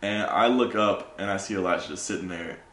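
A young man, a podcast host, telling animated stories in casual chat and saying "bro" a lot. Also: sits low, a little fast, echoey room. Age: young adult.

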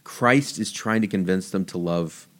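Animated man chatting about faith. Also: deep voice, measured pace. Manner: animated storyteller, voice jumps up for quoted lines. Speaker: podcast host. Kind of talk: casual faith conversation.

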